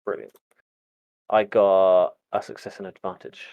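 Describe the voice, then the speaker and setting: A man's voice: sits low, level tone, unhurried, dull audio. A man playing a tabletop game, casual and joking, swearing freely. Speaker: player.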